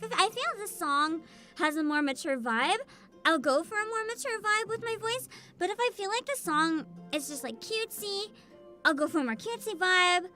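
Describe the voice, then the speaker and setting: Bubbly high-voiced woman streamer. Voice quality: high, youthful-sounding voice. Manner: animated, bubbly, swears and laughs often. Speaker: VTuber streamer. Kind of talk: casual livestream chat with viewers.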